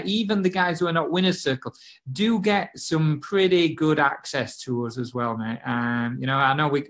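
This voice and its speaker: A man with a British accent co-hosting a live marketing stream, chummy and encouraging as he gives viewers their next steps. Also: a little high. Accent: British English. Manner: chummy and encouraging, says mate. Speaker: co-host of a marketing webinar. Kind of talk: casual live-stream sales talk.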